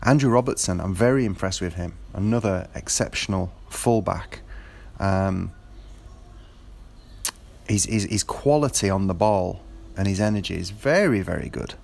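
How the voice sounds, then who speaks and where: Rambling man, lowish voice. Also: normal speed, creaky, a little mellow. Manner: rambling, with frequent fillers and restarts. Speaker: football fan. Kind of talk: casual monologue.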